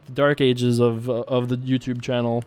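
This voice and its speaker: A young man hosts a poker show, chatting and cracking self-mocking jokes while he plays online. His mid-range voice is smooth and darkish, moving at a moderate pace with little change in pitch.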